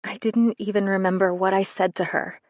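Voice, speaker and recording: A woman reading a first-person romance novel in a soft, intimate way, as scripted narration. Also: mid-range voice, fairly even intonation, normal speed, no room sound, clean studio sound. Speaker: audiobook narrator.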